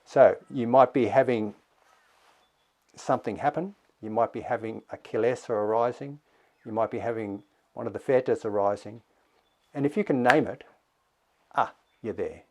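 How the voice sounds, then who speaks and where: Reflective male meditation teacher, slow pace. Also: mid-range voice, dark tone. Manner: slow, reflective, with thoughtful pauses. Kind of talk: dharma talk.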